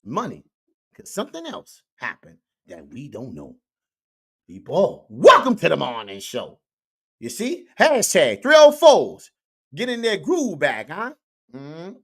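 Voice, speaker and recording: A man's voice: fairly high pitch, huge pitch swings, measured pace, a bit bright, breathy edge. A man doing comedic social media commentary in a preachy way, repeating catchphrases to his viewers. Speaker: online commentator.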